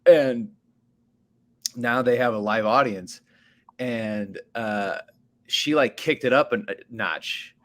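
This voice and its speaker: A man's voice: mid-range voice, slow pace, pauses often. A man co-hosting a comedy podcast, chatting casually with frequent laughs and rambling, filler-heavy stories. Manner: laughs often, loose rambling storytelling with many fillers. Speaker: podcast co-host and stand-up comedian.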